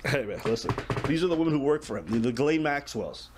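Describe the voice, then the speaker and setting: A man's voice: medium pitch, animated, quick pace, a little hiss or hum. A man hosting a casual reaction show, explaining the news bluntly with profanity.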